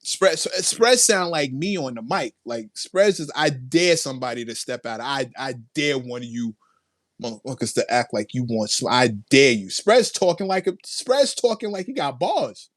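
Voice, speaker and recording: A man's voice: mid-range voice, expressive, moderate pace, a bit bright, no echo. Hyped, laughing man hosting a livestream. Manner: hyped, laughing, repeats phrases, playful hip hop slang. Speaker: livestream host. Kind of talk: casual livestream chat, reading and reacting to viewer comments.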